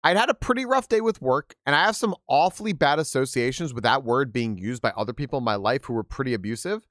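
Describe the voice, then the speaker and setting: A man's voice: mid-range voice, lively intonation, fast, fairly bright tone, no room sound, clean studio sound. A male game streamer chatting casually and reading stories aloud to his viewers, candid and profane, with laughing asides.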